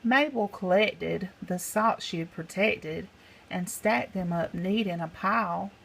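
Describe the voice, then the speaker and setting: A woman narrating a rhyming picture book in a slow, rhythmic, sing-song way. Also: fairly low pitch, gravelly, a bit bright, rough recording. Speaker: storybook reader.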